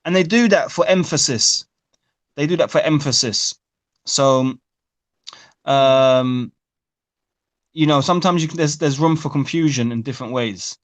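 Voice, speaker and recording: A man's voice: fairly high pitch, unhurried, pauses often. A man teaching a live online Arabic class, correcting students' pronunciation and explaining grammar.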